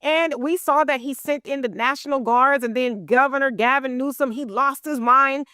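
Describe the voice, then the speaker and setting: A woman's voice: high voice, normal speed, bright, forceful tone, clear, resonant tone, no echo, studio quality. A woman giving casual news commentary, talking straight to her viewers and acting out what others said. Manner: conversational, addresses viewers directly, acts out quotes. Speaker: online commentator.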